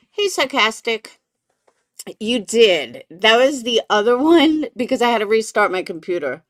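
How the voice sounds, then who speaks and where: A woman's voice: on the high side, fairly bright tone, no room sound, studio quality. A woman hosting a casual live stream from her computer, chatting with viewers and greeting them by name. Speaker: livestream commentary host.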